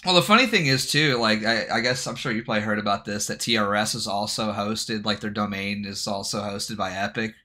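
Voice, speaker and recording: A man's voice: lowish voice, fairly quick, hardly any pauses, sharp tone. A man in casual livestream chat, telling stories loosely with swearing and laughter. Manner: profane, laughing, loose storytelling. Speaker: livestream guest.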